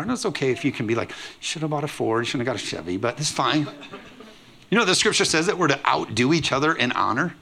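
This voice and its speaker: Animated pastor preaching. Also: male voice, fairly high pitch, quick pace, gravelly. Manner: animated, acts out quoted voices with humor. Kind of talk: sermon.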